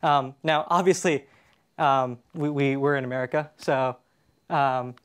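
A man's voice: mid-range voice, fairly even intonation, a little slow, a bit bright, smooth. A Canadian man giving a casual conference presentation, talking with many fillers and restarts. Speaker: conference speaker. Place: conference stage in a hall.

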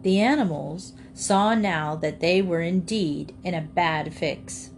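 A woman's voice: fairly low pitch, slow, slight background noise. Woman reading a children's book aloud. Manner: clear, expressive read-aloud. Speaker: audiobook reader. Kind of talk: storybook reading.

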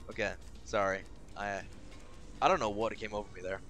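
A young man streaming a game, rambling in casual commentary, swearing often and swinging between exasperation and giddy excitement. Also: lowish voice, normal speed, long pauses, faint music behind.

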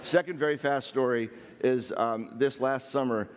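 On stage in a large hall, a man tells funny personal stories in a self-deprecating, playful way. His voice is mid-range at a moderate pace, trailed by long reverb.

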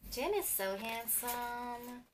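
A young woman, unboxing an album as a vlogger and gushing like an excited fan, with squeals and gasps between chatty asides. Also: a little high, takes it slowly, slight background noise.

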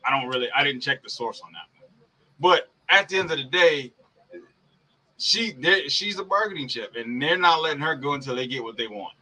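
A man's voice: medium pitch, lively intonation, fairly quick, bright, forceful tone, rough recording. A young man co-hosting a casual sports podcast, heated and profane, ranting and laughing as he talks. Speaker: podcast co-host.

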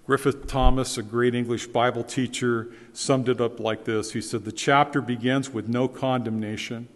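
Emphatic preacher in a reverberant church. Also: male voice, mid-range voice. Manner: earnest, emphatic preaching with repeated key phrases. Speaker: pastor. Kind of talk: sermon. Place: church sanctuary.

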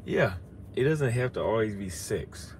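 A man's voice: on the low side, animated, unhurried, a little hiss or hum. A drunk man in a casual live-stream rant, profane and ranting, out on a city street at night. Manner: profane, ranting, slurring from drink.

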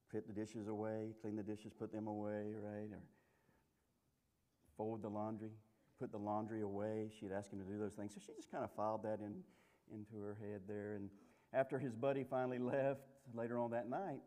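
A man's voice: on the low side, little pitch movement, moderate pace, mellow. Folksy, joking male preacher. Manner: folksy, humorous storytelling with many restarts. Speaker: pastor. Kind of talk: sermon.

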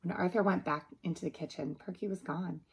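A preschool teacher reading a picture book aloud to young children in a gentle manner. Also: female voice, lowish voice, fairly even intonation, fairly quick, a little hiss or hum, rough recording.

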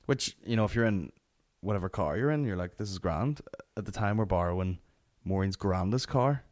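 Northern Irish male comic host, lowish voice, rambling sweary storyteller. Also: lively intonation, brisk, a little mellow. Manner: sweary, rambling anecdotal delivery. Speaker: podcast host. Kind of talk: solo comedy podcast storytelling.

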